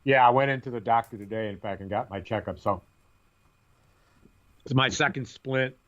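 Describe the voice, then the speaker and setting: A man's voice: medium pitch, moderate pace, fairly bright tone, lo-fi sound. A man co-hosting a podcast, telling self-mocking stories in a casual, wry way. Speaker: podcast co-host. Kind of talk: casual chat.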